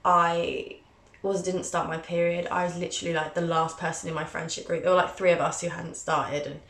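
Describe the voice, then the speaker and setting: A young woman, in her twenties, talks straight to camera in a casual, open way. She is candid and self-mocking, with a playful flair for drama. Her voice sits a little low, and the recording is roomy, with noticeable echo. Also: little pitch movement, a little fast, a bit bright. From England. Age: 20s. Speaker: vlogger, journalism student. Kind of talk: casual personal storytelling to camera. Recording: roomy, echoey sound.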